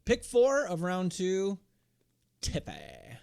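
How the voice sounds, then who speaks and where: A man's voice: medium pitch, lively intonation, normal speed. A man co-hosting a casual podcast, reading out his notes with fillers and the odd swear. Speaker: podcast co-host.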